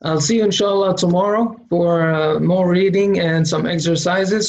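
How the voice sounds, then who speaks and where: A man's voice: high-pitched, fairly even intonation, normal speed, hardly any pauses, a little mellow, low-quality recording. A man teaching how to read Arabic letters, patiently sounding out single syllables for the learner to repeat. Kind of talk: slow recorded lesson drilling syllables.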